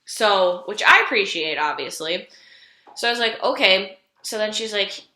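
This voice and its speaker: A woman's voice: medium pitch, animated, normal speed, bright, forceful tone. A young woman late in pregnancy, telling her story in a chatty vlog with lots of "like" fillers. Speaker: vlogger. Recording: echoey room.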